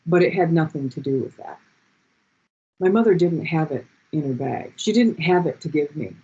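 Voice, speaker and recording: Passionate session leader, husky voice, dull lo-fi call audio, repeats key lines. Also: mid-range voice, lively intonation, normal speed, mellow. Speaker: speaker leading a group session. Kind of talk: heartfelt motivational talk. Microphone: video call.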